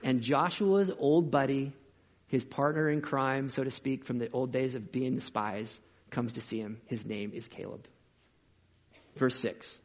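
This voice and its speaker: A man preaching a sermon as a pastor, in an energetic, conversational way with rhetorical questions, in a dull lo-fi recording. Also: medium pitch, a little slow.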